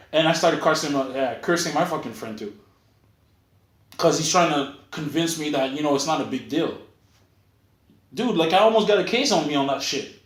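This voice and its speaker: A man's voice: a little high, moderate pace. A man co-hosting a podcast, telling a story in casual, profane chat and acting out the other people's lines. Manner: profane, animated, acts out quoted voices. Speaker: podcast co-host. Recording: echoey room.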